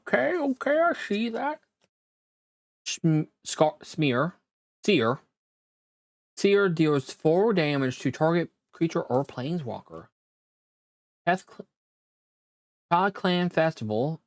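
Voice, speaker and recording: Slow, halting man reading cards aloud. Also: fairly high pitch, a little mellow, no echo, clean studio sound. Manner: reads card text aloud haltingly, with quick reactions. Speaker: card opening creator. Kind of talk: casual card-pack opening commentary. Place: own room at home.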